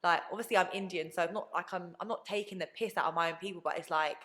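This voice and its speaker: Fast-talking bright woman. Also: lowish voice. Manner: animated storytelling, acts out quoted people. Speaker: podcast guest. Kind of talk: casual chat.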